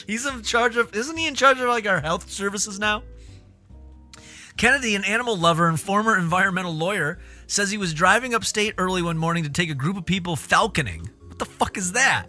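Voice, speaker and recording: Male streamer, incredulous and profane, high voice, faint music behind. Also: sharp tone. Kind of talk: casual reaction chat.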